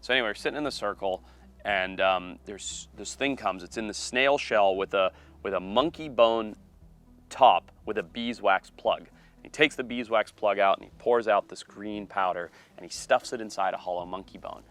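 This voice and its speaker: A man, a wildlife biologist and TV host, telling a story in a casual, animated way. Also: fairly low pitch, moderate pace. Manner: animated, acts out quoted voices.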